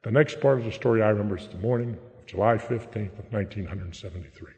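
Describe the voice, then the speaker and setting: A man's voice: on the low side, fast talker, mellow. An older man from the Pittsburgh area giving a blunt, plain-spoken recovery testimony, often tagging his lines with "okay?". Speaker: recovery meeting speaker. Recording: echoey hall, dull lo-fi sound.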